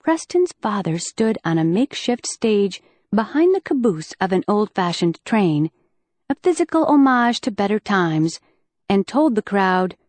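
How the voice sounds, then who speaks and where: A woman reading a first-person audiobook in a lively, wry storytelling manner, on a close studio mic. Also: medium pitch, dry recording. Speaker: audiobook narrator.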